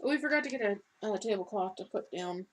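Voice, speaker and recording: A young woman co-hosting a casual vlog, telling a story in a chatty, animated way. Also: medium pitch, brisk, slight background noise. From United States. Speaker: co-host.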